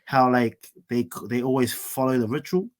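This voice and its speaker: Laid-back Kiwi man, relaxed chat. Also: mid-range voice, normal speed. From Samoan heritage, New Zealand. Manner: laid-back, joking, many fillers. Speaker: teacher, podcast guest. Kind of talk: casual chat.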